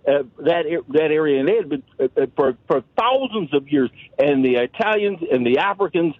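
An impassioned male radio caller who rambles and keeps repeating words as he stumbles on. His voice is fairly high and husky. It comes through a tinny, dry phone line. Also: expressive, brisk, no echo. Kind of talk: call-in radio talk.

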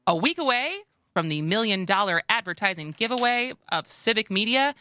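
A woman co-hosting a radio talk show with a Wisconsin accent, chatty and quick to laugh. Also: mid-range voice, animated, pushed and bright. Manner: chatty, laughs easily, restarts often. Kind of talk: casual radio chat. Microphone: studio microphone.

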